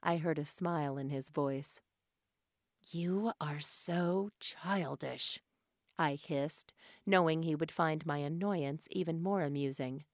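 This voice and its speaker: A woman audiobook narrator reading scripted fiction in a measured, even delivery into a studio microphone. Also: low-pitched, dry recording.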